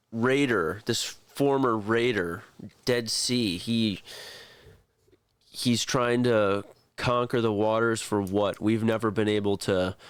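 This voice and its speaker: A man's voice: lowish voice, clear, resonant tone, no echo. A man voicing a pompous old noble general who blusters in indignation.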